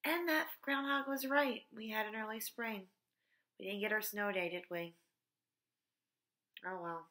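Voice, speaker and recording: A woman reads a children's chapter book aloud in a cheerful, chatty way. Her voice is bright and clear, pitched in an ordinary middle range. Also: measured pace, pauses often.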